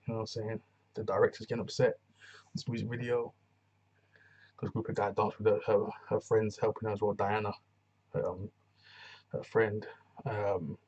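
A man with a husky, somewhat low voice recaps a TV episode in a loose, rambling way, full of slang and restarts. The recording sounds a bit dull and muffled. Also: a little mellow. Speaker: TV reviewer. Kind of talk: casual episode recap vlog.

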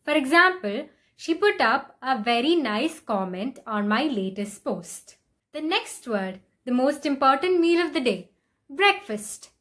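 A woman giving a scripted pronunciation lesson, saying each word slowly and deliberately and then using it in an example sentence. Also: sits high, fairly bright tone. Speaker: English pronunciation teacher.

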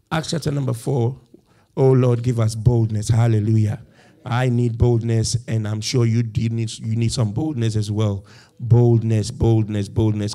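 A man's voice: mid-range voice, vocal fry, mellow. A male pastor preaching a sermon, telling the story with animation, acting out the quoted voices and laughing as he goes. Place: church.

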